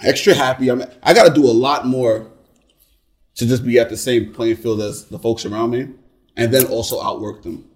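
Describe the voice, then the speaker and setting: Man, mid-pitched, emphatic conversational delivery, rhetorical questions. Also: fairly even intonation, moderate pace. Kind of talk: casual chat.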